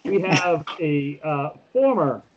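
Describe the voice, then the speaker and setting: A man's voice: on the high side, animated, slow pace, dull audio, background noise. A man co-hosting a casual podcast, telling jokey stories with lots of fillers and restarts. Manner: joking storyteller with many fillers. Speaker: podcast co-host.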